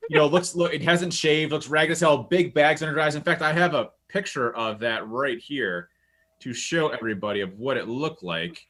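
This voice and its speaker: A man's voice: a little high, normal speed, a bit bright. A man on a video call telling a story in a casual, amused way that rambles with many restarts. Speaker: guest.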